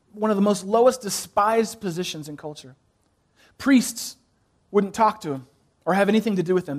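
A man preaching a sermon as pastor, pausing for effect, dropping soft on key phrases and asking the congregation to fill in words. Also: high voice.

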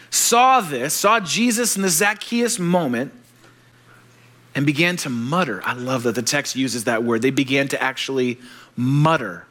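A man preaching a sermon, animated and joking, acting out the voices of the people he quotes. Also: mid-range voice, moderate pace. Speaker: pastor.

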